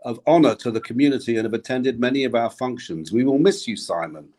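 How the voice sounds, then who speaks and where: A man's voice: medium pitch, fast talker, a little mellow. A man co-hosting a live video call, teasing his friend and reading tributes aloud. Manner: teasing, playful. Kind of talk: joking live-stream banter.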